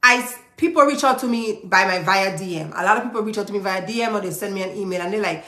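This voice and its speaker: Emphatic woman with a bright voice. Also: mid-range voice, fast, roomy sound. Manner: emphatic, preachy, repeats phrases for stress. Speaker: business owner giving motivational advice. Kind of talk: motivational talk to camera.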